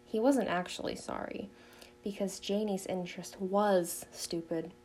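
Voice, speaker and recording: A woman narrating a children's novel in an even storytelling manner. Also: medium pitch, unhurried, a little hiss or hum, low-quality recording. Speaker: audiobook narrator.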